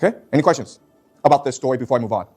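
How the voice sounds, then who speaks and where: A man's voice: medium pitch, lively intonation, very fast, a little mellow, faint music behind. A man teaching a class in an emphatic way, often stopping to check that his students follow. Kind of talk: classroom lecture.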